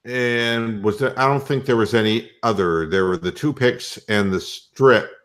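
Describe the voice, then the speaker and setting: A man's voice: medium pitch, measured pace, fairly bright tone. A man hosting a casual sports podcast, joking and crude. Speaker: podcast host.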